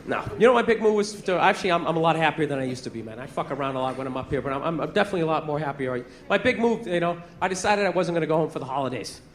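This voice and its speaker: A man in his forties doing a loud, profane, exasperated stand-up rant on a theater stage. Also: fairly high pitch, animated, racing, few pauses. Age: 40s. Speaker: stand-up comedian. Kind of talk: stand-up comedy set. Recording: live theater, laughing crowd, noise.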